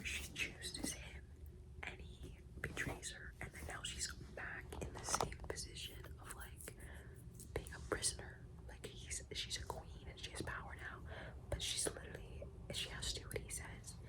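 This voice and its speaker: A young woman whispering late at night at home, gushing and exasperated about a book she just read, swearing freely. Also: low-quality recording. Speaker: vlogger. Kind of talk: late-night reading vlog.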